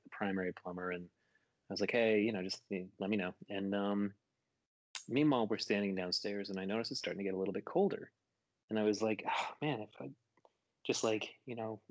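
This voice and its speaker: Casting: man, lowish voice, dry close sound, rambling conversational storyteller. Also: no room sound. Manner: rambling, laughs while telling a story. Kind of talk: casual storytelling chat.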